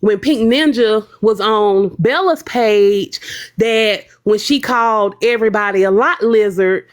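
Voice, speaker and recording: A woman casually retelling livestream drama, animated and gossipy, slipping into the voices of the people she quotes. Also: mid-range voice, a little slow.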